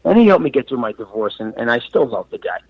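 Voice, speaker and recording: A man in his forties, a comedian and actor from New York and Florida, telling stories as a podcast guest. He acts out quoted lines loudly and swears freely. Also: mid-range voice, sing-song, fast, breathy edge, dry recording. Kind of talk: casual podcast storytelling. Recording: dull, dry sound.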